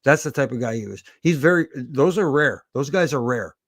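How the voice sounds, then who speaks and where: A man's voice: mid-range voice, animated, fairly quick, dry recording, clean studio sound. A middle-aged man, a former wrestling referee, chatting as a guest and telling stories with many fillers and restarts. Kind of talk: casual interview chat.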